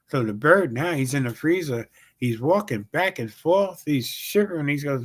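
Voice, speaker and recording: A middle-aged man, a comedian and show host, telling a joke and a backstage story in casual, animated talk. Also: on the high side, moderate pace.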